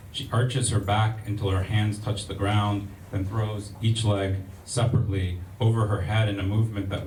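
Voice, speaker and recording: An American man giving a poetry reading at a library event, reciting in a measured, rhythmic way with casual asides to the audience. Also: fairly low pitch, a little mellow. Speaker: poet. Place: public library event room. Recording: echoey room, distant mic, faint ambient noise.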